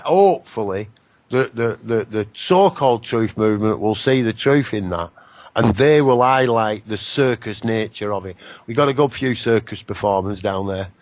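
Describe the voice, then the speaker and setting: A man hosting a casual radio talk show, joking and rambling with an animated, mocking manner. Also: on the low side, no echo, lo-fi sound. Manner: animated, jokey, rambling with laughs.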